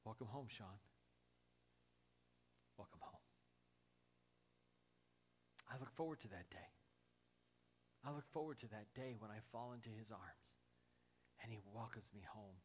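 A man preaching a sermon as pastor, dropping to soft, hushed lines and rising to loud, excited storytelling. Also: medium pitch, normal speed, long pauses, highs cut off, a little hiss or hum.

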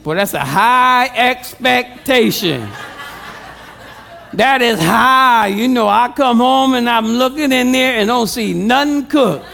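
A man's voice: very high-pitched, creaky, a bit bright. A male pastor preaching a sermon with humor, calling out questions to the congregation.

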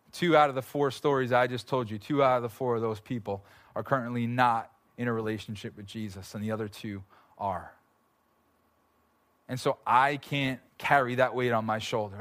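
A man preaching in a church sanctuary, with a middle-pitched voice and an earnest, conversational delivery. He tells personal stories plainly, then leans into urgent, pleading passages. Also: fairly bright tone. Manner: earnest, conversational, swells into intense pleading prayer. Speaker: pastor. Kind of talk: sermon.

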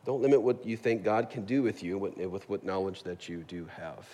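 Speaking at a moderate pace in a low, warm voice, a pastor delivers a casual, humorous sermon in a church sanctuary, regularly asking the congregation "right?" The sound carries a long hall reverb.

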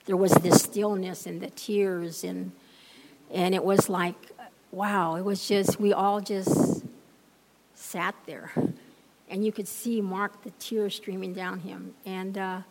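A woman giving a heartfelt church lesson on a handheld microphone, telling stories with emphatic repeated phrases. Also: mid-range voice. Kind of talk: heartfelt sermon-style storytelling. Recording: long hall reverb.

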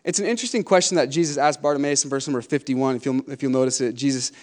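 A man in his thirties preaching a sermon to a congregation. He moves between hushed, conversational asides and fervent, emphatic declarations. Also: mid-range voice, very fast. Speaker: pastor.

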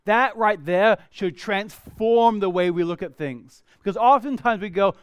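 A pastor, a man in his thirties, preaching a sermon with animated swings between loud exclamations and soft, hushed asides. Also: high voice, a little slow, few pauses, clean tone, no room sound, clean studio sound.

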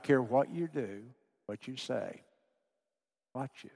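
A pastor preaching a sermon to his congregation, pleading with fervor, then dropping to a hushed voice. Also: mid-range voice, animated, slow pace, vocal fry, husky. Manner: impassioned, pleading preacher who drops to a hushed voice. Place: church sanctuary. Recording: long hall reverb.

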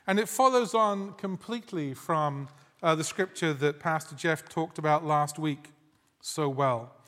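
A man preaching a sermon as a guest pastor, conversational and gently humorous, reading scripture aloud. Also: on the high side, measured pace. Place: church sanctuary. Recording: long hall reverb.

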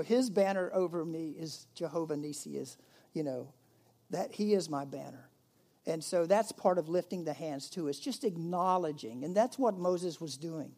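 A man preaching a sermon as pastor, conversational, swinging between emphatic rises and hushed, quiet moments. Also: high voice.

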